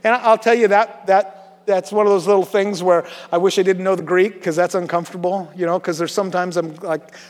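High-voiced pastor in a reverberant hall. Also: male voice, fairly even intonation, fairly quick. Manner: conversational, joking with the congregation, many fillers. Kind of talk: sermon. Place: church sanctuary.

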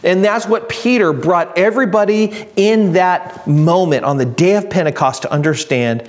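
A man preaching a sermon, reading scripture slowly and building to emphatic, raised delivery. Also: high-pitched. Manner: reads scripture slowly and deliberately. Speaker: pastor.

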